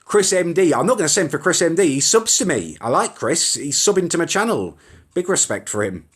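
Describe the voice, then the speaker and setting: A man's voice: fairly high pitch, sing-song, brisk, breathy edge. Chatty young Englishman live-streaming. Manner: chatty, rambling, mild swearing, reacts to comments as they scroll. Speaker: live-stream host reading viewer comments. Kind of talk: casual live-stream chat. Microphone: phone or webcam live stream.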